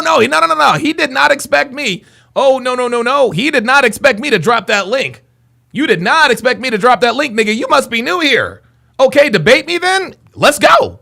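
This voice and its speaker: A man's voice: extremely high pitch, vocal fry, bright, forceful tone. A young man hosting a livestream, ranting and taunting viewers in a brash, repetitive way. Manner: brash, taunting, repeats himself. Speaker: livestream host. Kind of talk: heated livestream rant at chat.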